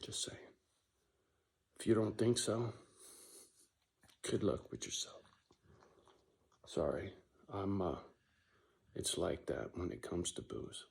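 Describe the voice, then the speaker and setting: Man, low voice, blunt and profane, emotional, keeps asking "right?". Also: expressive, slow, gravelly, long pauses, darkish tone. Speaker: vlogger running a dog rescue. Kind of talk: casual heartfelt monologue.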